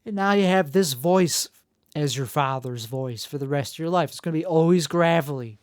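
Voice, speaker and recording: Male solo host, gravelly voice, rambling and self-deprecating, dry close sound. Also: on the high side, moderate pace, no room sound. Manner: self-mocking and jokey, full of restarts. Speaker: podcast host.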